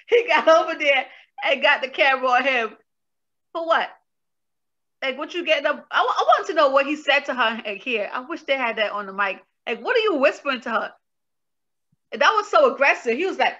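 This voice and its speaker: A woman vents and retells scenes with animated exasperation in a casual co-hosted chat. Her voice is high and bright. The recording sounds dull and lo-fi. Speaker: co-host reviewing a reality show.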